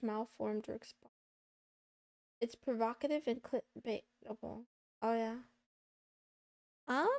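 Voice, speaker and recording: Playful streamer woman with gravelly fry. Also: on the high side, unhurried, long pauses, a little mellow, no echo, clean studio sound. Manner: playful, teasing chat, meowing between remarks. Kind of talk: casual stream chat. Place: home desk.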